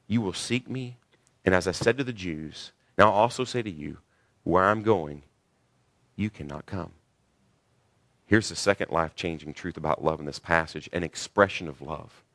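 A man's voice: low voice, a bit bright, no echo, clean studio sound. A pastor preaching a sermon, earnest and building to emphatic peaks, a father of six in his thirties or forties.

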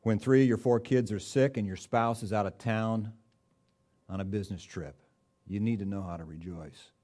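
A man's voice: lowish voice, normal speed, dark tone. A man preaching a sermon in a conversational, folksy way, with touches of humor and rising bursts of emphasis.

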